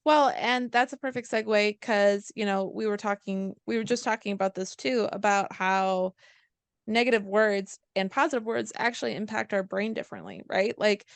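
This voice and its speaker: Gravelly, chatty woman podcaster. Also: mid-range voice, steady tone, normal speed, dry recording. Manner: chatty, explanatory, acts out quotes. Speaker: podcast co-host, chiropractor. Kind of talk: casual podcast chat.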